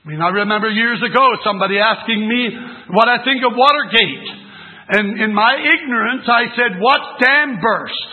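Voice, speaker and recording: A man's voice: high voice, a little fast. An older man preaching a sermon at a religious meeting, telling folksy, rambling stories with many restarts. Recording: tinny phone-like sermon recording.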